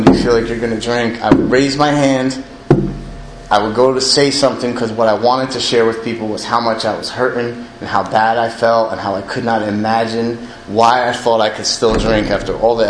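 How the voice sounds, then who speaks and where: A middle-aged man giving a candid, self-deprecating personal testimony about recovery, speaking plainly. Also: medium pitch. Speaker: recovering alcoholic sharing his story. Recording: echoey room with faint ambient noise.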